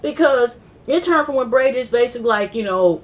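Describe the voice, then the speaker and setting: A woman casually recapping a reality TV episode, rambling and animated, acting out quotes and swearing freely. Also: high-pitched, quick pace, few pauses. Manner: rambling, animated retelling with quoted voices and profanity. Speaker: TV recap vlogger.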